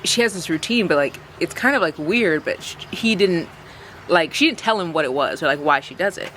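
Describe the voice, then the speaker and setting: A woman's voice: lowish voice, lively intonation, brisk, fairly bright tone, a little hiss or hum. A young woman vlogging about books in a casual, chatty way, full of fillers. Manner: chatty, filler-heavy, reads dialogue aloud. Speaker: book vlogger.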